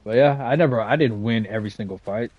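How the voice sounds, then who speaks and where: A man's voice: medium pitch, fast talker, phone-quality sound. A man, chatting casually while he plays. He talks in laid-back, profane street slang and keeps checking in with "you know what I'm saying" and "right?". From west side of San Jose, California. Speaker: gaming streamer. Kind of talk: casual storytelling chat.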